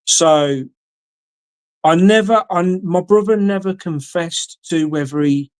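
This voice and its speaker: A man's voice: fairly high pitch, smooth, dry recording. English man telling a sweary story. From England. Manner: swears freely, acts out quoted dialogue. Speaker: guest. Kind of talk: casual storytelling.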